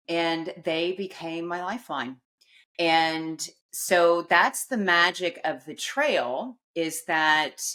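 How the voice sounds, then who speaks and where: A middle-aged woman with a low voice, appearing as a podcast guest, tells a personal story animatedly, acting out quotes and laughing at herself.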